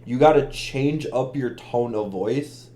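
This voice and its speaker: A man's voice: mid-range voice, takes it slowly, warm tone. Earnest man in casual podcast chat. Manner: earnest, explains at length. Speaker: podcast co-host.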